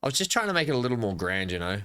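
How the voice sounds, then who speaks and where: A man with an Australian accent talks through a building game in loose, rambling commentary. His voice is bright and forward, at a middle pitch for a man. He jokes and answers his own questions as he goes. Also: very animated, racing, clean tone, no echo, studio quality. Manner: rambling, playful, talks to himself. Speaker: gaming channel host. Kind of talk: casual gameplay commentary.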